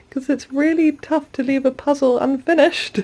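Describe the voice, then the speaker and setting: In a casual home vlog, a young mother talks to the camera and sweet-talks her toddler in a sing-song voice. Her voice sits high and warm, with a steady tone and a slightly slow pace.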